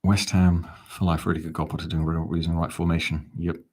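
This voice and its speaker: Football fan host, male, deep voice, chatty live-stream commentary, reads the chat with wry asides. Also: flat delivery, a little fast, a little mellow.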